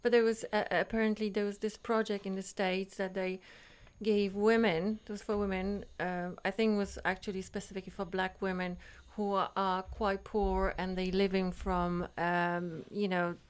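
A woman in casual podcast chat, explaining a point in a measured way. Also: mid-range voice, level tone, clear, resonant tone.

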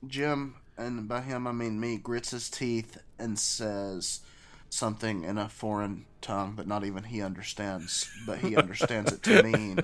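A man's voice: fairly low pitch, measured pace, a bit bright. A man playing a tabletop game, joking around as he describes his character's actions. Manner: playful, jokey. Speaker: player.

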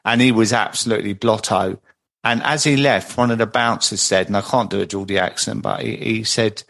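A man's voice: mid-range voice, a little fast, creaky, fairly bright tone. A man hosting a podcast, chatty and full of anecdotes. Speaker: podcast host. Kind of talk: casual podcast conversation.

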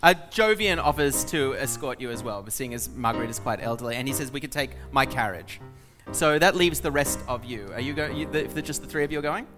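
A man narrating and organizing the scenes as game master, brisk and quick to laugh. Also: mid-range voice, animated, over music.

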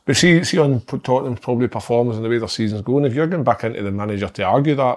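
Panel guy, talks super fast, argues his point, swears. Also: mid-range voice. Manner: rapid, argumentative, swears. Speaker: podcast panelist. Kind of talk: casual football podcast chat.

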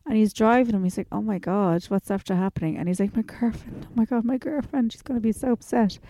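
An Irish woman co-hosting a podcast, telling an animated story in casual chat and acting out the voices of the people in it. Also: medium pitch, fast, a little hiss or hum. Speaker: podcast co-host.

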